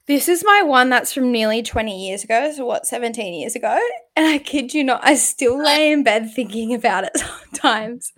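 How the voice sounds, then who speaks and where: A woman's voice: fairly high pitch, animated, normal speed, fairly bright tone. A woman, co-hosting a podcast and telling stories in a chatty way with frequent laughs. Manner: chatty storyteller, laughs often. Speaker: podcast co-host. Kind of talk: casual chat.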